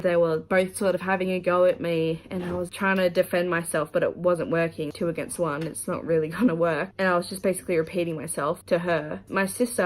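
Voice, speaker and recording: A woman's voice: lowish voice, poor audio. A young woman talking candidly and emotionally in a casual vlog, swearing freely. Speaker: vlogger.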